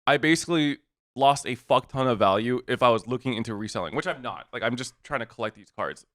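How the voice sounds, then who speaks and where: A man co-hosting a podcast retells a frustrating story in casual chat, switching between voices for each side of the exchange. He swears freely and sounds exasperated. His voice sits at an ordinary pitch and the recording is close and dry, with no room echo. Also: fast. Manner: animated retelling, acts out both sides of the exchange. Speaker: podcast co-host.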